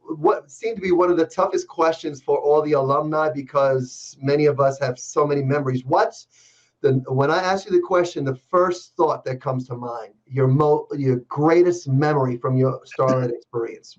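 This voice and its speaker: A man's voice: mid-range voice, normal speed, dull audio. A man hosting an interview, enthusiastic and affirming as he poses questions. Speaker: interview host. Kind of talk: casual video-call interview.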